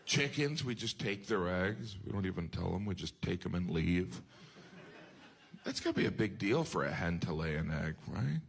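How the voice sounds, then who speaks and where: A man's voice: sits low, animated, normal speed, gravelly. A man doing a wry, observational stand-up comedy routine.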